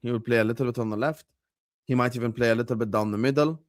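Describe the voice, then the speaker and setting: A man's voice: medium pitch, racing. A man hosting a livestream about football, arguing his points emphatically with rhetorical questions. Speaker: streamer and football pundit.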